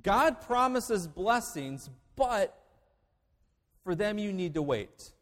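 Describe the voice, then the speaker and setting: A man preaching in a church sanctuary, his voice high and animated, rising to loud declarations and dropping to hushed asides. The sound carries the long reverb of a large hall. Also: takes it slowly. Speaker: pastor. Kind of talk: sermon.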